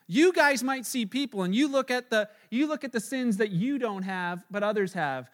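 A man's voice: sits high, lively intonation, normal speed, hardly any pauses. A male pastor preaching a sermon in a casual, storytelling way with frequent fillers.

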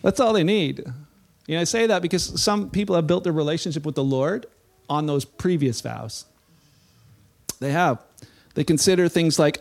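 A man's voice: on the high side, normal speed, vocal fry, pauses often. A middle-aged man, a pastor, preaching a sermon in a church in a conversational, playful way, acting out the voices he quotes.

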